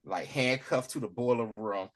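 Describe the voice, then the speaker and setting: A man's voice: medium pitch, moderate pace. A man co-hosting a podcast, casually recapping an episode and acting out the characters. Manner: animated storytelling, acts out characters. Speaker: podcast co-host.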